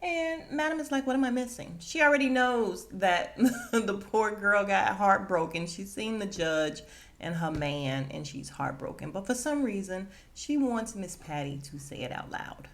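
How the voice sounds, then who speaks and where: A woman hosting a casual podcast, recapping a TV episode with animated retelling, acting out the characters' lines and laughing often. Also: medium pitch, unhurried.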